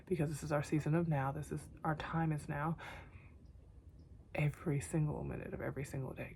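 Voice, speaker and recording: A young woman talking tenderly to herself on camera in a vlog, soft and often whispery, teary, her voice going hoarse. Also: low voice, slight background noise. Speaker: vlogger. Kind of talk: emotional self-talk to camera.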